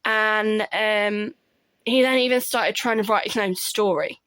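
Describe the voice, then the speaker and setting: A woman, telling stories about her children in an animated way. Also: mid-range voice, unhurried, clean tone, dry recording. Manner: animated storytelling, acts out her kids' voices. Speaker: parent vlogger. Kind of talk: casual chat.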